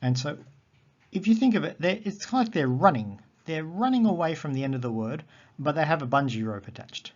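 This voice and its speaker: A man teaching a recorded grammar lesson, explaining patiently and repeating words slowly. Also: fairly high pitch, lively intonation. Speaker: Greek teacher. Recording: dull lo-fi audio.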